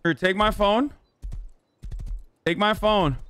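A man's voice: high voice, slow, fairly bright tone, smooth. Profane, joking male streamer. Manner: loose, profane, joking banter with filler words. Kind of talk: casual game roleplay streaming.

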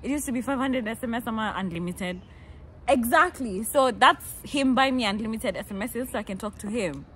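A Kenyan woman in her twenties, telling stories in a lively, playful way and acting out the people she quotes. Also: fairly high pitch, a little fast, a little hiss or hum. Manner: animated, playful, laughs often, acts out quotes. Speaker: vlogger. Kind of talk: casual storytelling.

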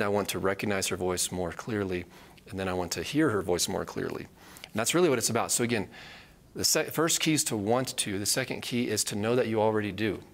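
A man teaching a live Bible study, earnest and repeating key phrases for emphasis. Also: fairly low pitch.

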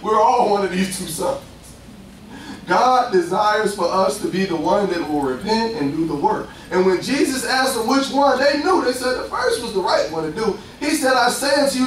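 A young man preaching a lively, conversational sermon, acting out voices and laughing often. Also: sits high, moderate pace, a little hiss or hum. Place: church. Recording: echoey distant room sound.

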